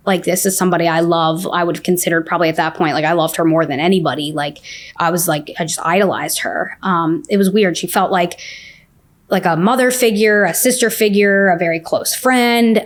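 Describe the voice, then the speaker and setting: A young woman with a lowish voice recounts her story in a loose, chatty way. Her sentences are peppered with "like" and tumble over quick restarts. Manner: fast, filler-heavy telling with many "like"s. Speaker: guest sharing her story. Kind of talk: casual storytelling.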